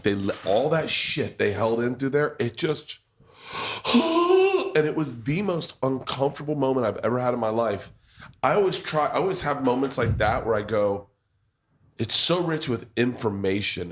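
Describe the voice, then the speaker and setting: A man's voice: medium pitch, expressive, moderate pace. A middle-aged man hosting a podcast, telling rambling, laugh-filled stories with plenty of swearing. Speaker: podcast host. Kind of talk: casual storytelling chat.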